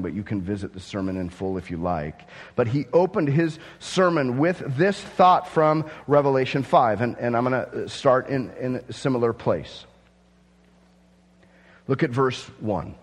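A man's voice: on the low side, moderate pace, breathy edge, big-room sound. A man preaching a sermon to his church, reading scripture and dramatically acting out awed onlookers in rising outbursts. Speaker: pastor.

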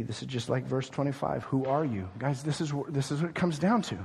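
A man preaching a Bible sermon, animated and conversational, often acting out the people he quotes. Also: medium pitch, fairly quick, vocal fry, in a large hall, slight background noise. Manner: animated, acts out quoted speakers.

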